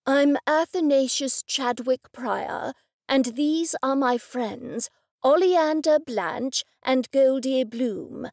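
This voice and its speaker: A woman voicing a formal, precise gentleman in a storybook reading, who enunciates every word loudly and clearly. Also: a little high, unhurried, no echo, studio quality.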